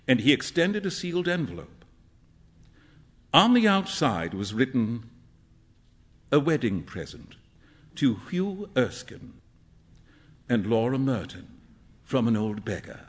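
A man reads a classic short story aloud on stage, taking his time over every phrase. His pitch rises and falls widely as he moves between the characters, and his voice has a slightly husky edge. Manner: deliberate, unhurried storytelling with lively shifts for each character. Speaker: actor reading a short story. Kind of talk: dramatic reading of a classic story. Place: theater stage before a live audience.

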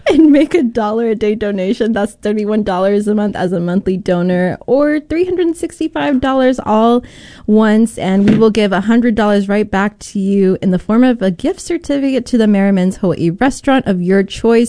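A woman's voice: medium pitch, moderate pace, dark tone, dry recording. Bubbly woman reporter, dry studio sound. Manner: bubbly, reads promo copy. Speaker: culture and arts reporter. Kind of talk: pledge drive pitch on radio. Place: radio studio.

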